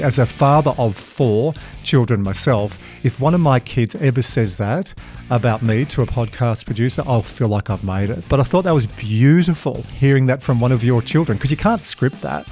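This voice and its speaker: A man hosting a podcast, telling stories with animated energy and acting out the voices of the people he quotes. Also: mid-range voice. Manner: animated storyteller, mimics voices when retelling. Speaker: podcast host. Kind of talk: casual podcast conversation. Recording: dry close mic, faint guitar music.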